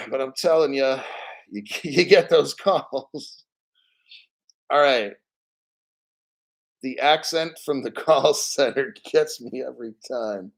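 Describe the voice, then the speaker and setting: A man's voice: mid-range voice, takes it slowly, creaky, pauses often, rough recording. A man hosting a casual crypto stream, rambling bluntly and swearing freely. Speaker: crypto show host. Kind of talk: casual live-stream rant.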